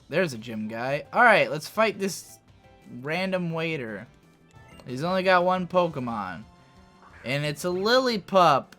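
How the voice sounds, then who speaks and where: A young man giving casual, rambling gameplay commentary as a let's play host, swearing freely and breaking into excited outbursts. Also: medium pitch.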